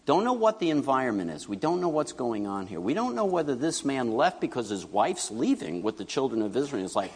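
A man's voice: mid-range voice, brisk, few pauses, breathy edge, big-room sound. A middle-aged man preaching a sermon as a pastor, telling stories in a conversational way and acting out quotes. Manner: conversational, animated storytelling with acted quotes.

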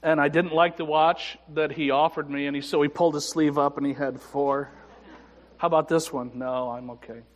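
Pastor preaching in a reverberant church. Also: male voice, on the high side, steady tone, normal speed. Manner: personal storytelling with self-deprecating humor and hushed reflective moments. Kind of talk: sermon storytelling. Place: church sanctuary. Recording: church sanctuary with long reverb.

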